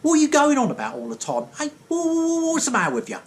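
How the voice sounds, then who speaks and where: A loud, foul-mouthed tradesman voiced by a storyteller snaps back at a polite horn toot. He fires off indignant questions in a voice pushed well above the storyteller's own, with a shrill, strained edge. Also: wildly swooping pitch, fast. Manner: shouting, swearing, aggressive questions. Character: rude loud male tradesman, easily provoked.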